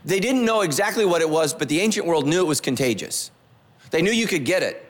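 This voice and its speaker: A man's voice: fairly high pitch, animated, fairly quick, big-room sound. A male pastor giving a conversational sermon, repeating phrases and asking the congregation questions. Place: church sanctuary.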